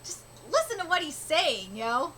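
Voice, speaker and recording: A young woman streaming a live reaction and reading manga aloud. She is excitable, swears casually and slips in and out of character voices. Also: high-pitched, moderate pace, a little hiss or hum.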